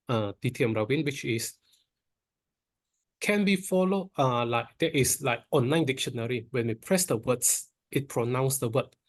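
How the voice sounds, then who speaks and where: A man moderating an online Q&A session, reading out audience questions in a plain, steady way. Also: mid-range voice.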